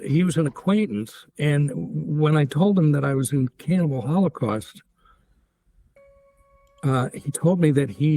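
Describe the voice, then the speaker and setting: A man's voice: a little high, dark tone, no room sound. Rambling older man telling stories. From United States. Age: 70s. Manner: rambling storyteller with many restarts and fillers. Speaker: guest actor. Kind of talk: casual interview chat.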